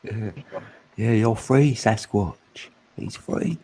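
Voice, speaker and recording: A man's voice: lowish voice, takes it slowly, dark tone, husky, no echo. A man co-hosting a casual livestream chat, greeting viewers and reading out likes over an online call.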